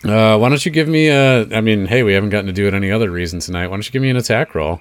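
A man with a lowish voice narrating as game master, talking loosely and rambling, with plenty of fillers as he thinks aloud. The sound is dry and close to the mic. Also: racing, no echo. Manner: relaxed, rambling, lots of fillers.

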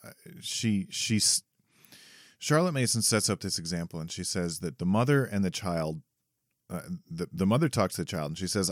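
A man with a very deep, low voice co-hosts a podcast. He thinks aloud and talks at length, often restarting his sentences as he works out a point. The recording is dry and close. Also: animated, normal speed, dry recording. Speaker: podcast co-host; parent. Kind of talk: casual chat.

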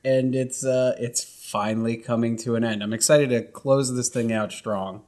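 A man's voice: medium pitch, fairly even intonation, normal speed, darkish tone. Hesitant easygoing man on a podcast. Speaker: podcast co-host. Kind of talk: casual chat.

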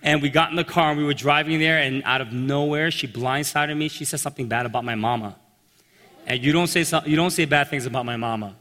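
A man telling a personal story in a sermon, animated and acting out the voices of the people in it. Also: fairly high pitch, quick pace. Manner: animated storyteller, acts out quotes. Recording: long reverb in a large hall.

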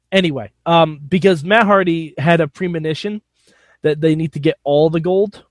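Man, slightly high voice, animated jokey recap, dry close mic. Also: moderate pace, no room sound. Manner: animated, laughing, jokey storytelling. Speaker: podcast co-host recapping wrestling. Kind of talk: casual chat.

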